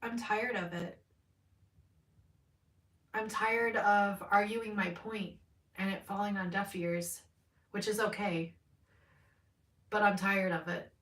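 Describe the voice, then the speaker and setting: Speaking slowly with long pauses, this woman has a mid-range, steady, fairly bright voice. She's doing a live-streamed tarot reading, rambling openly, cursing freely and often laughing, picked up by a far-off mic in a roomy space.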